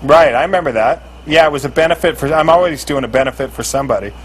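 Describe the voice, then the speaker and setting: A man's voice: fairly high pitch, quick pace, slight background noise, rough recording. A man guesting on a call-in show, talking bluntly and candidly and laughing easily. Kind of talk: casual call-in chat.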